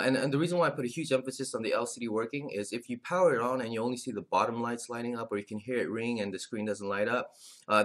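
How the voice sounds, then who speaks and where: A man's voice: mid-range voice, a bit bright. A man explaining phone screen repair as an instructor, talking casually with lots of "uh" fillers and restarts. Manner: filler-heavy, frequent "uh" restarts. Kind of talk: casual tutorial talk.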